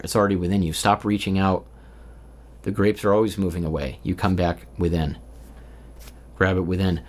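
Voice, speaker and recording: A man's voice: low-pitched, a little fast. A man in his thirties talking alone in an unscripted stream-of-consciousness monologue, rambling and candid, swearing often. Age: 30s. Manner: rambling and candid, with frequent profanity and filler. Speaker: vlogger. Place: indoors, recording alone.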